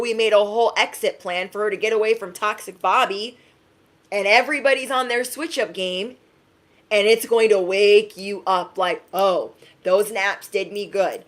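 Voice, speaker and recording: A woman giving a casual, emphatic live-stream reading, chatty and quick to laugh. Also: mid-range voice. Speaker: tarot reader.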